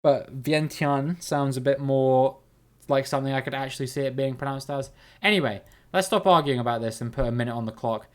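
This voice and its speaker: A man's voice: mid-range voice, brisk. A man hosting a live game stream, chatting with viewers and thinking aloud as he plays.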